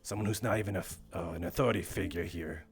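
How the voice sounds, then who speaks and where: A man's voice: deep voice, quick pace, gravelly, breathy edge, heavily acted. A man playing a stern interrogator in a roleplay, pressing a suspect for specifics. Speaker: roleplay streamer.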